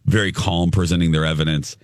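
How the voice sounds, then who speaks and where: A male radio host chatting on air, telling a story in an animated, rambling way with lots of restarts. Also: sits low, brisk, dry recording, clean studio sound. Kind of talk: casual on-air chat.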